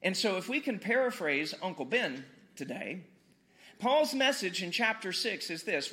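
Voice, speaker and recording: A man's voice: high voice, big pitch swings, normal speed, sharp tone. A man preaching a casual, conversational sermon, joking with the congregation and repeating words for emphasis. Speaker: pastor.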